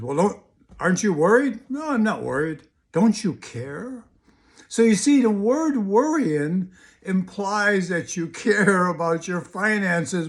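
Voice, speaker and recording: Gravelly older man giving a pep talk. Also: fairly high pitch. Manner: folksy, storytelling, asks rhetorical questions. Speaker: hypnotist. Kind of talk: motivational video talk.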